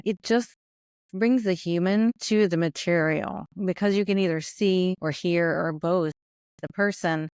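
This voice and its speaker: Relaxed woman explaining as a guest. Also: lowish voice, measured pace, clean tone, no room sound, studio quality. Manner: relaxed, explanatory, repeats "I feel like". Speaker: podcast guest, business founder. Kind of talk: conversational interview answers. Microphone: remote call.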